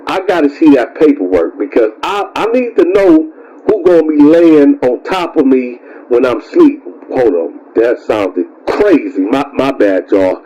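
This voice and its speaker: A man's voice: mid-range voice, big pitch swings, a little slow, dull audio, crowd noise. Stammering man telling a casual story. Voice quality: stammers and repeats words, calls himself tongue-tied. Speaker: storyteller and channel host.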